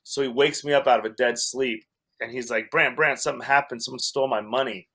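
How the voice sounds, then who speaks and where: A man's voice: mid-range voice, fairly even intonation, quick pace, pushed and bright. A man telling a long personal story as a podcast guest, wry and self-mocking, often laughing at himself. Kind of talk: storytelling in a casual chat.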